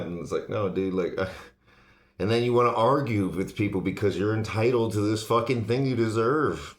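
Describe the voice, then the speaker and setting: A man's voice: fairly low pitch, moderate pace. A man talking bluntly in a casual monologue, swearing constantly as he rants. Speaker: host. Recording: echoey room.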